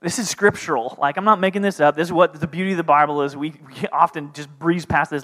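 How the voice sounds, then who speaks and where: A male pastor in his thirties delivering a sermon with humor and energy. His voice sits slightly high, and he slips into playful voices to act out scenes. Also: quick pace, hardly any pauses. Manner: animated, acts out characters in playful voices.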